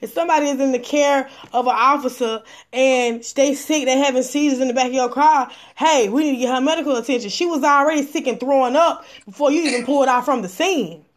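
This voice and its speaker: Emphatic woman with a higher voice. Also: quick pace, few pauses. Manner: emphatic and repetitive, building indignation. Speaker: livestream host. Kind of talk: casual livestream commentary.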